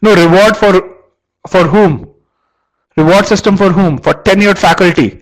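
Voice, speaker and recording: Quizzing his listeners during a live online webinar, this male course instructor often restarts his sentences and repeats words. He speaks at a measured pace in a voice that sits high, and the recording quality is low.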